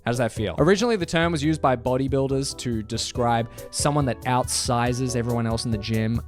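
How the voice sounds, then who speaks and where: Man, scripted commentary narration, wry and incredulous, mid pitch, faint music underneath. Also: brisk, hardly any pauses.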